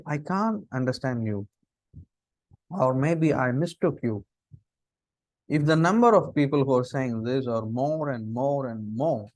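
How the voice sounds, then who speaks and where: Middle-aged Indian-accented man lecturing students, mid-pitched, animated, dry close sound. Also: no room sound. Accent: Indian English. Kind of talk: lecture on interview body language.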